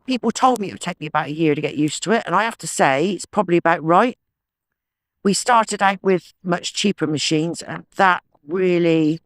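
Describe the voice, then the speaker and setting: A man's voice: on the high side, a bit bright, no echo. A man with a chatty, enthusiastic manner, talking to himself and the viewers while metal detecting in a sloping farm field. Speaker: metal detecting channel host. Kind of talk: casual outdoor vlog chat.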